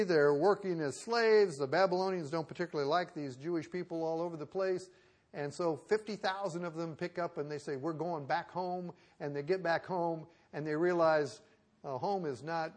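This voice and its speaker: A man preaching a sermon in a conversational way, asking rhetorical questions and swinging from loud emphasis to soft asides. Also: a little high, moderate pace.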